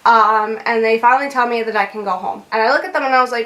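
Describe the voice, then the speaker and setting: A woman's voice: on the high side, fairly even intonation, brisk, a bit bright. A young woman vlogger telling a story in a chatty way, with lots of fillers, laughs and swearing. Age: young adult. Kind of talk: casual storytime.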